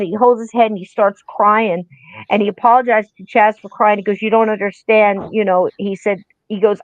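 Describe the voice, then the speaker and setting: A woman co-hosting a podcast, telling a ghost story in a casual, animated way and acting out the people she quotes. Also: mid-range voice, no room sound, highs cut off. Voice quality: animated, acts out quoted voices. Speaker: podcast co-host.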